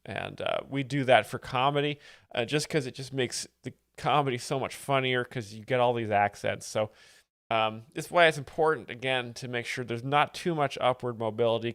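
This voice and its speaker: A young man hosting a livestream, explaining comedy in a deadpan mock-expert way, rambling with restarts on a close desk mic. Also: mid-range voice, clean tone, no room sound.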